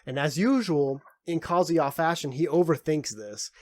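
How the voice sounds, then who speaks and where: A man hosting a casual anime podcast, recapping an episode in a loose, profane, animated way. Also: fairly high pitch, moderate pace, no echo. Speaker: podcast host.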